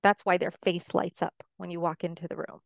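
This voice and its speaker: A woman's voice: fairly low pitch, level tone, fairly quick, gravelly, no echo, studio quality. A middle-aged woman, a life coach guest on a podcast, talking casually and giving earnest, encouraging advice.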